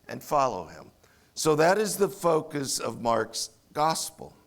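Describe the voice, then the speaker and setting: A male pastor delivering an expository sermon at a slow, deliberate pace. His voice sits a little higher than most men's. He slips into playful, sarcastic voices to act out the people in the story. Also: creaky. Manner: expository preaching, acts out sarcastic voices of the disciples.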